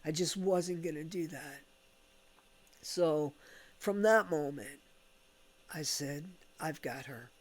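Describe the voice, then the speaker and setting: An American man, a vlogger at home with his dog, tells a candid, rambling story. His voice sits on the high side and he speaks slowly with long pauses, swearing casually and laughing between thoughts.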